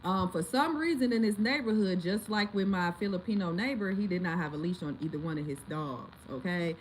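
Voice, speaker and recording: Animated woman telling a story casually. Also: fairly low pitch, a little fast, slight background noise, rough recording. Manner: animated, dramatic retelling with loud outbursts. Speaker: vlogger.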